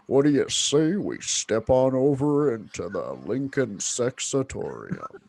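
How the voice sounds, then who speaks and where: A man doing a folksy old-time presidential ghost in a deep, slow drawl. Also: big pitch swings, creaky, a little mellow, a little hiss or hum. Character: folksy ghost of a 19th-century male president.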